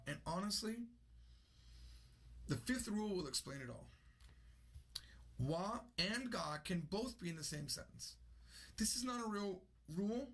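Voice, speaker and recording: A man's voice: high-pitched, fairly bright tone. A man teaching a casual online lesson with energy, repeating example sentences aloud. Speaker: language teacher.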